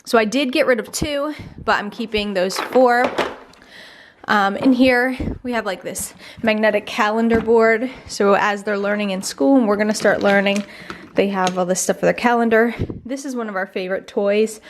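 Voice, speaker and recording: A woman's voice: medium pitch, fairly even intonation, normal speed, roomy sound, a little hiss or hum. A young woman and mother giving a casual home-tour vlog, chatty with lots of "um" and "like". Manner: chatty, filler-heavy with frequent "um" and "like". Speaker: vlogger, mother. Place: home playroom.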